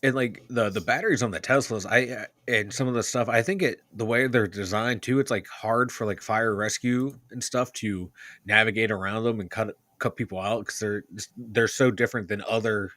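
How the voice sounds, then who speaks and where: A man's voice: lowish voice, moderate pace, pushed and bright, no room sound. A man from the Pittsburgh area co-hosting a sports podcast, chatting loosely with lots of fillers and swearing. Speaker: podcast co-host. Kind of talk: casual sports chat.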